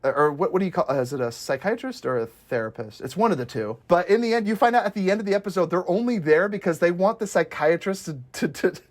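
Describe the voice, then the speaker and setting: This is a casual podcast host recapping favorite scenes, laughing often as they go. The delivery rambles, full of fillers and restarts, with constant eager enthusiasm. The voice sits at an ordinary middle pitch. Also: lively intonation, fast, few pauses. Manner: rambling, many fillers and self-corrections. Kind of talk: casual chat recapping a comedy series.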